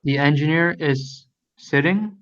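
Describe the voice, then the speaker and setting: A man's voice: fairly high pitch, a little slow, a bit bright. A man, a student, reading sentences aloud and translating them hesitantly, correcting himself. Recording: dull lo-fi sound.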